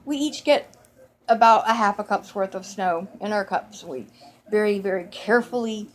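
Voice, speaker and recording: A woman telling a whimsical childhood holiday memory in a lively, playful way, with self-corrections along the way. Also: medium pitch, moderate pace. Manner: animated and whimsical, with playful acted-out quotes and frequent self-corrections. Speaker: storyteller. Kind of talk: personal storytelling, holiday memory.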